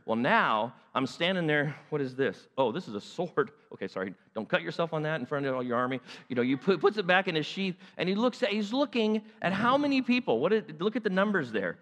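A man's voice: on the high side, very animated, quick pace, few pauses, fairly bright tone. A man preaching a sermon, acting out the story animatedly in different voices. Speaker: pastor. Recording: long hall reverb.

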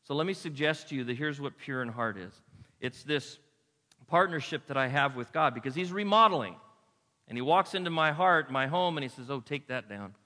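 A man preaching a lively sermon as a pastor, telling stories and acting out voices. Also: fairly high pitch, a little fast. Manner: lively storytelling with acted-out voices. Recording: echoey hall.

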